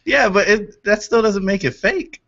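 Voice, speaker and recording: A man's voice: high voice, moderate pace, gravelly, a bit bright. A man co-hosting a casual talk show, easygoing and a little hesitant as he introduces songs. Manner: easygoing, hesitant, laughs at himself. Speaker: co-host introducing music. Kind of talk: casual chat. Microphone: video call. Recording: dull lo-fi online video call.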